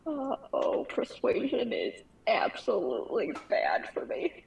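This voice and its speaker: A woman player in a tabletop game speaks slowly, her pitch swinging with lively lilt. She sounds set back from the microphone. Faint background noise runs beneath. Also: vocal fry, distant mic, rough recording. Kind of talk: tabletop role-play.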